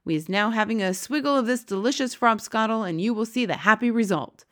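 A woman's voice: fairly high pitch, brisk, voice pushed up, lightly acted. A woman doing a big, friendly old giant with jumbled grammar. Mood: jolly. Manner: mangled made-up words and grammar.

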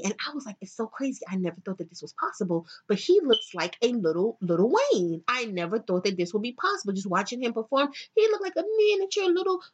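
Profane, animated middle-aged woman ranting. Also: medium pitch, dull audio. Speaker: podcast host. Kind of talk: casual opinionated monologue.

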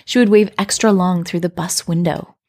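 A woman hosting a parenting podcast, telling a story and explaining in a calm, reflective scripted way. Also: fairly low pitch, moderate pace. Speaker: podcast host.

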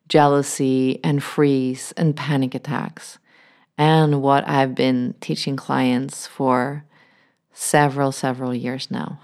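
Slow, low-voiced woman coaching gently. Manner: gentle, slow and soothing, drifting into soft near-whispers. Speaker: podcast host and emotional healing coach. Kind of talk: reflective solo podcast monologue.

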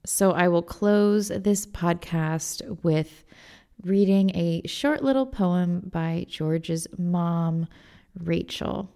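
A woman's voice: lowish voice, extremely slow, creaky, warm tone, smooth. A young woman hosting a casual solo podcast, talking in a rambling, self-deprecating way. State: tearful and choked up while reading. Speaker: podcast host and songwriting coach.

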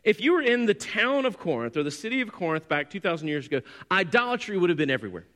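A man in his forties preaching a sermon, telling a personal story and swinging from quiet to loud, excited bursts. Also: sits high, fast talker. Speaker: pastor. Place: church hall. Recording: long hall reverb.

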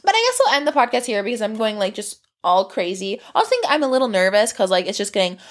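A woman's voice: mid-range voice, sing-song, quick pace. A young woman hosting a solo podcast, talking in a rambling, candid, profane way and drifting off topic. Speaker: podcast host. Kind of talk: casual solo podcast monologue.

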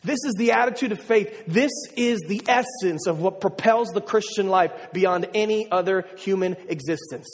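A man's voice: high-pitched, normal speed, few pauses. A man preaching a sermon as a pastor, telling a personal story and building to emphatic declarations. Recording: long hall reverb.

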